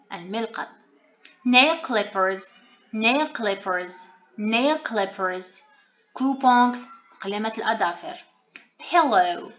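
Slow, careful woman teaching words. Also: on the high side, highs cut off. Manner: slow, careful repetition of each word three times; explains pronunciation plainly. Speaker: language teacher. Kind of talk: vocabulary lesson, repeating words.

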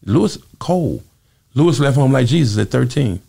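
A man telling stories from his music career in a casual interview, animated and full of asides. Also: mid-range voice, moderate pace, creaky. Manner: animated storyteller, acts out quoted voices. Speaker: interview guest, former singer.

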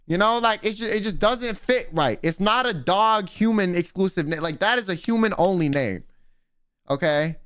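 A man's voice: high-pitched, animated, normal speed, fairly bright tone, clean tone, no room sound. A young man streaming, telling a rambling, slangy story in casual chat. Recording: faint music behind.

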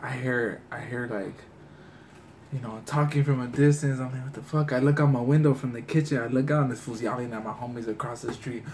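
Man, casual storyteller, slangy and profane, mid pitch, light hiss behind. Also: fairly even intonation, a little fast, darkish tone. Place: indoors at a table, eating.

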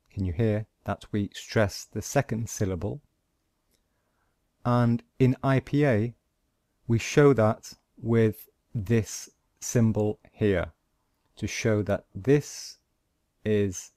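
Slow, deliberate male language teacher. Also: fairly low pitch, dark tone, no room sound, studio quality. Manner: slow, deliberate, explaining step by step. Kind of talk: screen-recorded pronunciation lesson.

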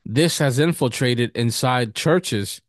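A male pastor telling a personal story in a sermon, animated, laughing often and acting out the quotes with sudden high bursts. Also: slow pace, no echo, studio quality.

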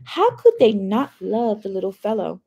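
Woman reading as a gentle, worried mom. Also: mid-range voice, sing-song, normal speed, creaky, a little hiss or hum. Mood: coaxing. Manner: soft, coaxing. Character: gentle, worried middle-aged mother.

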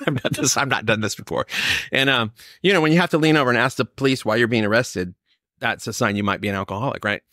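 A man from California, older, telling his recovery story in a lively, storytelling way, acting out what others said. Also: medium pitch, fast, dry recording, studio quality. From Sacramento, California. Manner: storytelling, animated, quoting others. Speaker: recovery speaker.

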